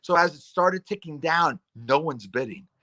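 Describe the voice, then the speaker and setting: Bright-voiced man telling animated stories. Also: on the high side, moderate pace. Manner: rambling, animated storyteller who acts out voices. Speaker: talk show host. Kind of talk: casual chat.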